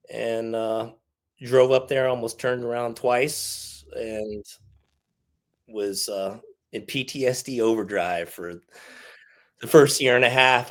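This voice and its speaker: 40s guy, veteran on a podcast, blunt and swears a lot, laughs through rough stuff, medium pitch. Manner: frank and profane, laughs through hard stories. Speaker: podcast guest, army veteran. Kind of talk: candid interview storytelling.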